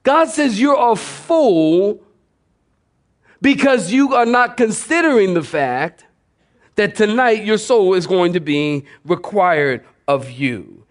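An older man preaching a sermon as pastor, animated and folksy, calling out to the congregation and asking them to follow along. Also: high-pitched, takes it slowly. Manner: animated preaching with audience call-outs; folksy, conversational.

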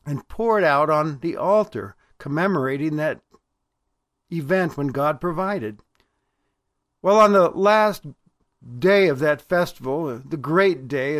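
Man, pastor, sermon, earnest and emphatic, fairly high voice, dry close sound. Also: no room sound.

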